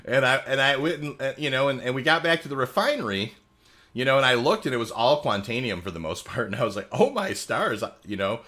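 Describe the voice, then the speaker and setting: A man's voice: mid-range voice, quick pace, pushed and bright. A man in his thirties streaming a game, chatting in a rambling way with many fillers and answering chat messages as they come in. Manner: reads chat messages aloud and answers them. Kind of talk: casual livestream chat.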